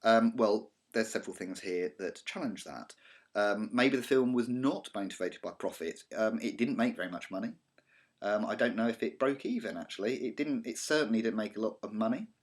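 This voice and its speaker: A man with a southern English accent records a casual lecture for his media students. His voice sits a little low, and he talks in a chatty, wandering way, full of ums and self-corrections. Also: normal speed. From Britain. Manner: chatty and digressive, many ums and restarts. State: slight cough. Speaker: college media teacher. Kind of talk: recorded lecture over slides.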